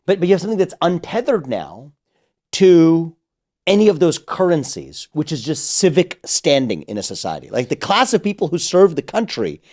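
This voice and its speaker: A man, a guest on a podcast, arguing his point in casual conversation, quick and fluent with repeated lead-in words. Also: a little high, sing-song, darkish tone. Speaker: guest, political candidate.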